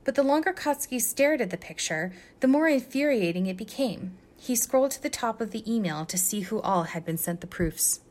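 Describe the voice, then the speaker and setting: A woman reading fan fiction aloud as a guest reader, telling it in a lively, expressive way. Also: a little high, fairly quick, hardly any pauses.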